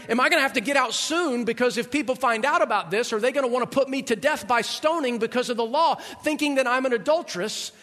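A male pastor voicing an anxious young woman who rushes through worried questions, in a sermon. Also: very high voice, bright, forceful tone, voice pushed up, full character voice. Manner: worried, rapid string of questions. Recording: long hall reverb.

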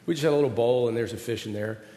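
A man's voice: medium pitch, racing, warm tone. A middle-aged man preaching, telling self-deprecating personal stories in a conversational way. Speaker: pastor. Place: large hall with an audience. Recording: roomy hall with long reverb.

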